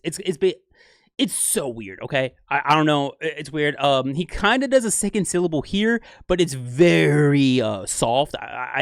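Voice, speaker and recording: Excitable man scatting rap rhythms. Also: a little high, no room sound, clean studio sound. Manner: excitable, scats rhythms aloud. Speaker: music reaction host. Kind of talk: casual music breakdown.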